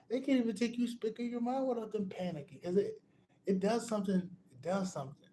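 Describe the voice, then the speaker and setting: A man's voice: high-pitched, fast talker, dark tone, a little hiss or hum. A man giving a casual spiritual pep talk, emphatic and repetitive, often restarting phrases and calling the listener bro. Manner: restarts phrases and laughs between points. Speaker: spiritual motivational speaker.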